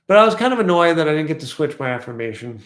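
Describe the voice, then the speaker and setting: A man telling a personal story in a casual vlog, reflective and rambling, slowly repeating affirmations. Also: fairly high pitch, very animated, roomy sound. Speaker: vlogger.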